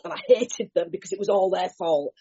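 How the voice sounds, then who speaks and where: A woman's voice: lowish voice, brisk, breathy edge, dull audio. A woman, speaking at a recovery meeting and telling her story earnestly and with animation. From England. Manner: earnest, animated storytelling, mimics other voices. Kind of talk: personal share at a recovery meeting.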